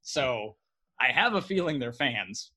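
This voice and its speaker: A man from Canada with a bright, forward voice and a husky edge. He co-hosts a relaxed chat and tells lively, animated stories, often laughing as he goes. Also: medium pitch, a little slow. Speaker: podcast co-host. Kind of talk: casual chat.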